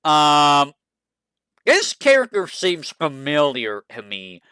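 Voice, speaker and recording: This is a streamer in casual chat who thinks out loud, asks itself questions and stumbles through the bios it reads. The voice is bright and swings widely in pitch. It takes its time, and the dry, close sound has no room echo. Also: huge pitch swings, slow pace, clean tone. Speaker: VTuber streamer. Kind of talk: casual stream chat, browsing game characters.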